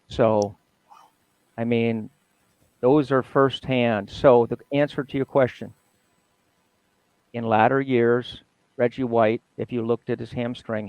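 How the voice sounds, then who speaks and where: A man's voice: medium pitch, no room sound, dull audio. An older man, a retired athletic trainer, telling stories as an interview guest and often laughing. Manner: animated storyteller, laughs often, mimics others. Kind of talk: casual storytelling interview.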